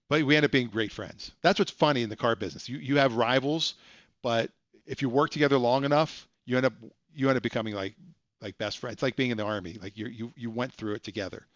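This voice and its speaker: A man with a medium-pitched, brisk, slightly bright voice hosts a live stream from his home computer, telling a chatty, self-deprecating story full of joking asides. The lo-fi recording has no room sound.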